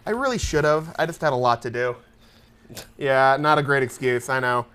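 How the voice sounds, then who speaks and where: A man's voice: medium pitch, normal speed, a bit bright, clear, resonant tone. A man hosting a casual talk show, tired and chatty, laughing often and rambling with restarts. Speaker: show host. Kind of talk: casual chat.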